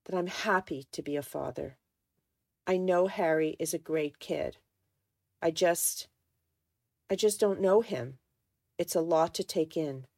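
A woman voicing a troubled, resentful grown man in a halting, strained way while reading a novel aloud. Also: fairly low pitch, gravelly, a little mellow, dry recording, studio quality. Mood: hesitant.

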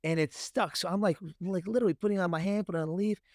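A man's voice: sits high, racing, no echo, studio quality. A man in his thirties co-hosting a podcast, telling a family story in a casual chat and acting out voices as he goes. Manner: animated storyteller, acts out his kids' voices. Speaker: podcast co-host.

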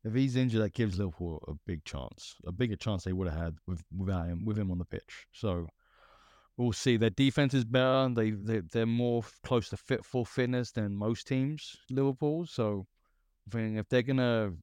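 A man's voice: fairly low pitch, moderate pace, a little mellow, no room sound. A man co-hosting a casual soccer podcast, teasing and joking with the others. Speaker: podcast co-host. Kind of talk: casual sports chat.

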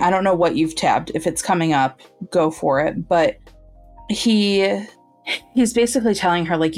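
A woman co-hosting a podcast, retelling a novel's scenes with animated quoting of the characters. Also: fairly low pitch, moderate pace, faint music behind. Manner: animated storytelling, acting out characters' lines. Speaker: podcast co-host. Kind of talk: casual book-club chat.

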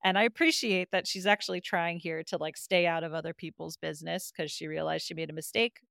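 A woman's voice: lowish voice, fairly even intonation, a little fast, gravelly, fairly bright tone, no room sound, studio quality. A woman co-hosting a casual podcast, animatedly retelling scenes and acting out the characters' lines with frequent laughter. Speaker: podcast co-host. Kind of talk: casual chat recapping a TV episode.

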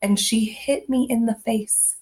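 A woman's voice: a little high, fairly even intonation, unhurried, a little mellow. A woman in her thirties co-hosting a parenting podcast, chatting casually and telling stories about her young child with quoted asides. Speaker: podcast co-host. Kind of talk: casual chat.

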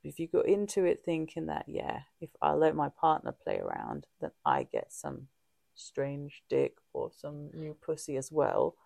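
A woman with a low, very gravelly voice speaks openly and reflectively in a casual podcast chat, dark and mellow in tone. She often stops and restarts her sentences, and the sound is dry and close. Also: huge pitch swings, no room sound. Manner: halting, frequent restarts and fillers; open and reflective. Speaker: podcast co-host.

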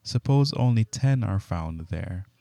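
A humble old patriarch pleads respectfully, voiced by a man reading scripture. His tone stays low and mellow, close and dry. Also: lively intonation, a little slow, gravelly, no echo. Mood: pleading.

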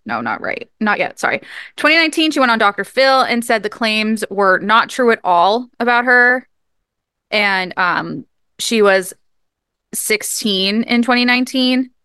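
Podcast co-host, woman, bright crisp tone, dry close sound, chatty recap style. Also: medium pitch, no room sound. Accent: regional. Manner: chatty, restarts and apologizes mid-story. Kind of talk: casual chat, recapping a story.

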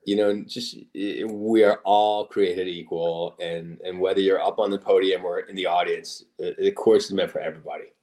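A man hosting a podcast in casual chat, talking in halting, self-deprecating bursts with frequent restarts. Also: low voice, steady tone, darkish tone. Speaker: podcast host.

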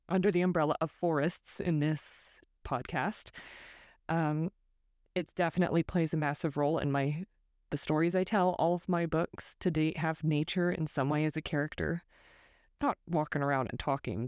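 Low-voiced, thoughtful Californian woman host. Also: darkish tone, dry recording, studio quality. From Northern California. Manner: thoughtful, self-deprecating, digressive. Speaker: podcast host. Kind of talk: reflective solo podcast monologue. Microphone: close microphone.

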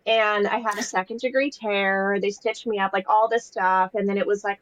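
A woman's voice: medium pitch, fairly even intonation, moderate pace, fairly bright tone, no echo, lo-fi sound. Candid young woman telling her story. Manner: candid, emotional, heavy use of fillers. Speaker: podcast guest. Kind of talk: casual personal storytelling.

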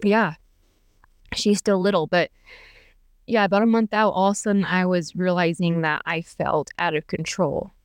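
A young woman speaks candidly about her own life, rambling and chatty with many fillers. Her voice comes through smooth and clean, recorded close and dry with no room sound. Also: on the low side, fairly even intonation, normal speed, dry recording. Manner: chatty, many fillers and restarts, laughs between thoughts. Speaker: podcast guest. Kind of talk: candid personal storytelling.

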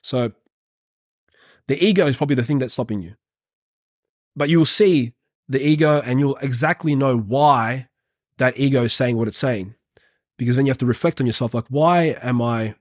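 A man's voice: mid-range voice, darkish tone, no room sound. Earnest man on a dry-sounding podcast. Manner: earnest, rambling, swears casually. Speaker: podcast host, personal trainer. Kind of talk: motivational podcast monologue.

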